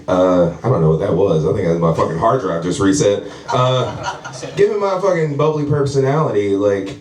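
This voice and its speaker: A man's voice: lowish voice, animated, moderate pace, a little mellow. Guy doing stand-up at a house show, swears a lot, laughs thru his own bits, roomy sound, kinda far from the mic. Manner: profane, rambling, laughing through lines. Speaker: stand-up comedian. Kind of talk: stand-up comedy set. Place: house comedy show, indoors. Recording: roomy live venue, mic from afar.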